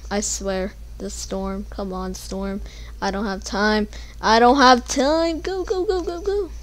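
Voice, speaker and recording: A young woman giving casual gameplay commentary, panicking and pleading, then yelling at the game. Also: medium pitch, slow, no echo. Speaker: gamer.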